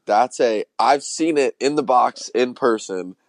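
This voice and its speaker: A man's voice: mid-range voice, a little slow, dry recording. A young man in his twenties hosting a podcast, bantering in an easygoing, laid-back way. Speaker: podcast host. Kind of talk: casual chat.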